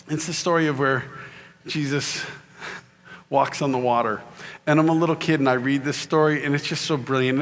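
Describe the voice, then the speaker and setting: A man's voice: fairly high pitch, slight background noise. A middle-aged man giving a humorous faith talk to a conference audience, acting out voices as he tells stories. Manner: animated storyteller who acts out voices. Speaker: keynote speaker. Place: conference hall in Louisiana.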